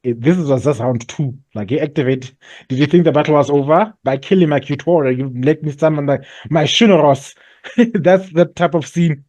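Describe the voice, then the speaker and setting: A man's voice: a little high, moderate pace. A man, co-hosting a podcast in casual chat, joking and acting out scenes. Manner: joking and animated, fond of playing out scenes. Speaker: podcast co-host.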